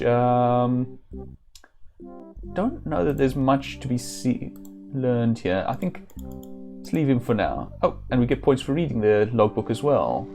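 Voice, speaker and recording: Male streamer, mid-pitched, casual and wry, reading game text aloud, faint guitar music behind. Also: unhurried, vocal fry, pauses often. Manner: relaxed, self-correcting, wry asides.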